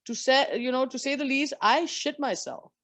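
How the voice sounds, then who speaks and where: A woman in her forties from India, a former professional golfer, telling lively and candid stories as an interview guest. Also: high-pitched, moderate pace, no echo. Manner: lively, candid anecdotes with frank swearing. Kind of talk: storytelling in a conversation.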